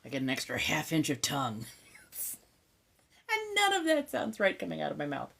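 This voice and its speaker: A woman with a Californian accent, chatting casually on a live stream, laid-back and swearing freely, now and then dropping into soft whispers. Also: low-pitched, wildly swooping pitch, normal speed, creaky. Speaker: ASMR streamer.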